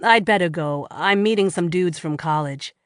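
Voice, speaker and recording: A woman's voice: fairly low pitch, normal speed, clear, resonant tone, dry recording, studio quality, natural voice. A woman voicing a friendly, laid-back young American man of college age with a Boston accent. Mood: easygoing.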